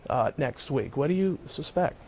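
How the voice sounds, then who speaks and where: Male TV host, gravelly, fairly high voice, chatty and wry, repeats words when starting. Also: expressive, normal speed, a little hiss or hum. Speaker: TV news host. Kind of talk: TV interview questioning.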